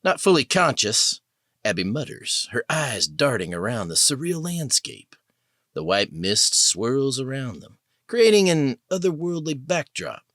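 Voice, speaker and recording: A man narrating an audiobook thriller in a measured, descriptive way. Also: medium pitch, fairly bright tone, dry recording, studio quality.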